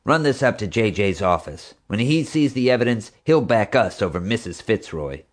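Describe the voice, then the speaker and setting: A man reading an audiobook, voicing a sneering, scheming woman officer with a slow, taunting delivery. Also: fairly low pitch, animated, pitched above the performer's own voice. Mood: commanding.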